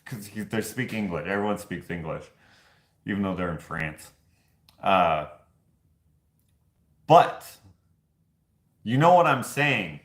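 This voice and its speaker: A man's voice: fairly low pitch, lively intonation, slow pace, pauses often. A man hosting a casual chat, telling rambling stories and laughing at his own jokes. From Canada. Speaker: show host. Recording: echoey room.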